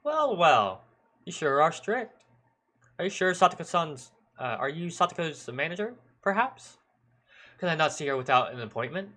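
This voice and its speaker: A man's voice: fairly high pitch, big pitch swings, moderate pace, bright, forceful tone, pitched above the performer's own voice, exaggerated voice. A man voicing a sly middle-aged police detective who speaks with smarmy, overly polite chuckling. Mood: teasing.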